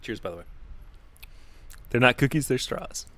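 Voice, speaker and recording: A man's voice: medium pitch, lively intonation, moderate pace, fairly bright tone. A man hosting a live-streamed podcast, chatting in a casual, upbeat way and thanking his viewers. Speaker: podcast host.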